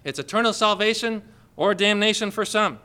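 Bright-voiced emphatic male preacher. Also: high-pitched, normal speed. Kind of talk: sermon.

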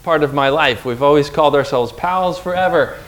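A man's voice: a little high, brisk, fairly bright tone, slight background noise. A man preaching a heartfelt, earnest sermon whose voice rises and falls with feeling. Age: adult whose father recently died. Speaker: pastor.

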